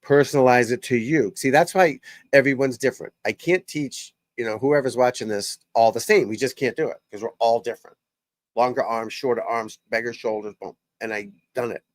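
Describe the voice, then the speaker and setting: A man's voice: mid-range voice, a little fast, dry recording. An older man, a golf coach, hosting a casual live stream and talking bluntly and profanely, rambling from one thought to the next.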